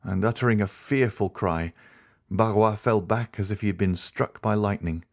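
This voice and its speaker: Male narrator, very low pitch, steady measured audiobook reading. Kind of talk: scripted narration.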